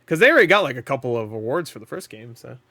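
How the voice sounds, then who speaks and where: Man, host, casual reaction chat, dry close sound, middle pitch, laughs a lot, swears freely. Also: very animated, rapid-fire, pushed and bright, no echo.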